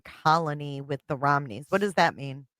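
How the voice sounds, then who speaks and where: Blunt woman co-host with a lowish voice. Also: moderate pace, a bit bright, dry recording. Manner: blunt, swears freely. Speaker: co-host reacting to a video. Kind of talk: casual commentary.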